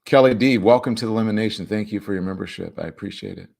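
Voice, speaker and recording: Lower-voiced man hosting a lively livestream. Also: racing, creaky. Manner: animated, emphatic, teasing asides. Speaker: talk show host. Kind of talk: livestream commentary reading viewer comments.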